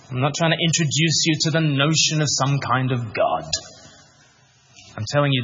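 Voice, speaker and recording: A man's voice: medium pitch, slight background noise. Man, pastor preaching a sermon, earnest, slightly muffled recording with faint room ambience. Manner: earnest, animated preaching with rhetorical questions. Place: church.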